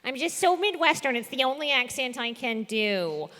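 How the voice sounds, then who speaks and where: Bright-voiced woman on a theater stage. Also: high voice, very animated, moderate pace. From New Zealand. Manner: self-deprecating, laughs often. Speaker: panelist. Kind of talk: live panel chat. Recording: long hall reverb.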